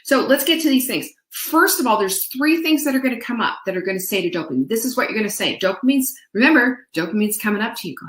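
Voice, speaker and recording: A woman's voice: on the high side, lively intonation, fast, hardly any pauses, reverberant. A woman hosting a motivational show, talking in a playful, chatty way to her viewers and dropping into sung snippets and mimicked voices. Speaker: host. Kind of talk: upbeat motivational talk.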